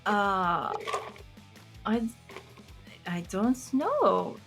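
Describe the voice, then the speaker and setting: A woman game master narrates a tabletop game in a casual, laughing way. She uses loose fillers and swears freely, at a middle pitch. Faint music plays in the background. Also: very animated, extremely slow, creaky.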